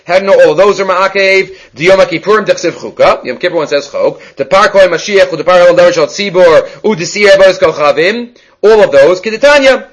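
A man giving a Talmud class, explaining quickly and with energy, mixing in Hebrew and Aramaic terms. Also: sits high, animated, muffled recording. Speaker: Talmud teacher.

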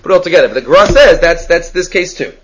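A man giving a Talmud class, explaining quickly and with energy, mixing in Hebrew and Aramaic terms. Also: on the high side, lively intonation, fairly bright tone, slight background noise, rough recording. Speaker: Talmud teacher.

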